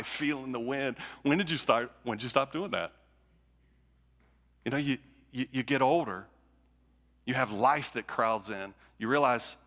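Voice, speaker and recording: Bright and forceful, a man's mid-range voice carries through a church sanctuary with long reverb. He is a pastor giving a conversational sermon, circling back on phrases and restarting as he develops each point.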